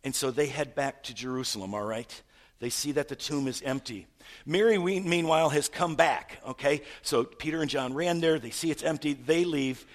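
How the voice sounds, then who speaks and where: A man preaching a sermon, retelling a story with stammered repeats and rhetorical questions, swinging from loud to hushed. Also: a little high, normal speed. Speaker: pastor.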